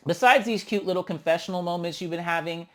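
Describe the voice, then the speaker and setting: A man's voice: high-pitched, animated, moderate pace, vocal fry. A man giving a sassy, gossipy recap of a reality show episode, acting out the cast's lines and calling people honey. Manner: acts out cast members' lines in quotes. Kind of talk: casual recap commentary.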